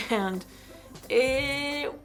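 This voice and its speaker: A woman's voice: high voice, extremely slow, a bit bright, soft background music. A woman giving a casual movie review, rambling and exasperated, saying "like" constantly. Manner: rambling, heavy use of "like", exasperated. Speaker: film reviewer vlogger.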